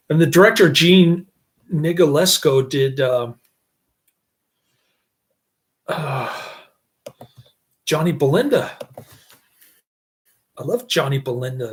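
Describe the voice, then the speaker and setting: Movie reviewer, man, slightly high voice, slow halting delivery, laughs at his own jokes. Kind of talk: casual rambling review.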